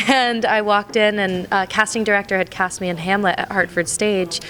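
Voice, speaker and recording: A woman's voice: mid-range voice, fairly even intonation, normal speed, a bit bright. A young woman in her twenties from Colorado, an actress giving a bubbly press interview and laughing often. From Colorado, USA.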